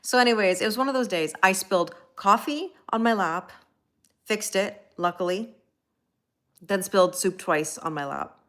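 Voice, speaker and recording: On a casual live stream, a woman tells a rambling story at a moderate pace in a medium-pitched, fairly bright voice. She often laughs at herself and greets chat viewers by name. She teaches school and also hosts streams and reads tarot.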